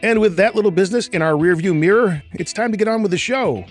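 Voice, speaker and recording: A man's voice: sits high, fast talker, faint music behind. A man hosting a podcast about film editing, playful and self-mocking as he introduces guests and reads an ad. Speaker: podcast host.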